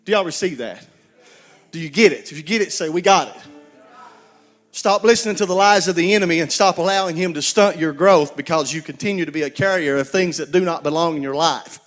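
A man's voice: a little high, fairly quick, faint music behind. A man preaching a sermon, folksy storytelling with call-and-response to his congregation. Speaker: pastor.

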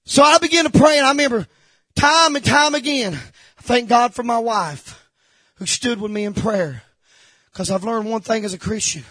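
A man preaching a sermon, emphatic and repetitive, swinging from shouted lines to hushed confession. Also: high voice, lively intonation, brisk, breathy edge, dry recording. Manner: emphatic, repeats phrases.

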